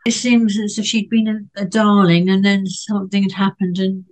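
A woman talking through a book on a club panel in an easy, chatty way. She hesitates often, restarting her sentences and filling pauses with ums as she goes. Her voice sits at an ordinary middle pitch for a woman. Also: level tone, rough recording. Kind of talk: casual discussion.

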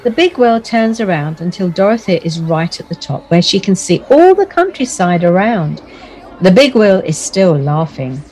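Female storyteller, lowish and very lively, gentle bedtime narration over soft music. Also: moderate pace, some chatter behind, a little hiss or hum.

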